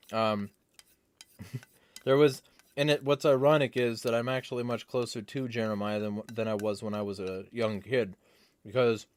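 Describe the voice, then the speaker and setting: A man's voice: medium pitch, no echo. A young man hosting a livestream, reading chat comments and answering them in a rambling, wry way.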